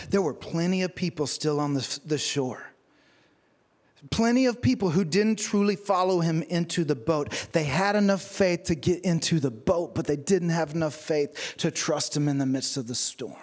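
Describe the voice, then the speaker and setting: Pastor guy, kinda high voice, preaching w/ funny stories and little acted bits. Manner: storytelling with humor and acted-out quotes. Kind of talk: sermon.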